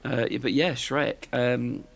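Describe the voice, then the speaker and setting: A man's voice: mid-range voice, fairly even intonation, slow, vocal fry. A man, hosting a podcast in casual, rambling chat full of fillers and tag questions. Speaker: podcast host.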